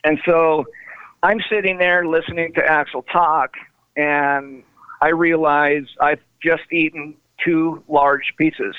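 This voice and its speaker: A man's voice: a little high, steady tone, slow, smooth, dry recording. A man guest on an interview, telling road stories animatedly and acting out quoted dialogue over a phone call. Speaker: guest, former tour manager. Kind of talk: storytelling interview. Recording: tinny phone line, dry.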